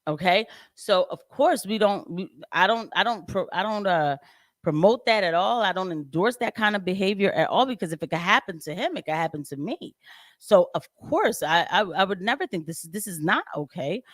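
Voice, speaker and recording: A woman hosting a casual political commentary livestream. She talks in an animated, chatty way, laughs often and leaps up in pitch. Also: moderate pace, no room sound, clean studio sound. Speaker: livestream host.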